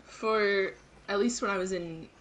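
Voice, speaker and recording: A woman's voice: mid-range voice, a little slow, slight background noise. A young woman in her twenties co-hosting a casual live stream, chatty and using "like" often. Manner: chatty, uses "like" a lot. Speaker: co-host.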